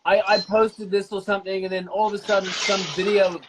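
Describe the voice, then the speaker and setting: A man's voice: high-pitched, flat delivery, fairly quick, heavy background noise. A man actor bantering playfully on a live video call, teasing and joking. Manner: teasing, jokey, banters freely. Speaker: actor co-hosting a live stream.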